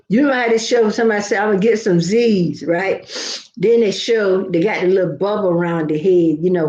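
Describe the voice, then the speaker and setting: A woman's voice: medium pitch, a little mellow. An older woman, chatting casually to her viewers in a rambling, folksy storytelling way. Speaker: vlogger. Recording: roomy, slightly dull sound.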